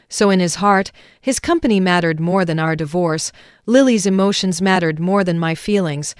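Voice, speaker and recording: A woman narrating a first-person drama story in a calm, even way. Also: mid-range voice, smooth, dry recording, clean studio sound.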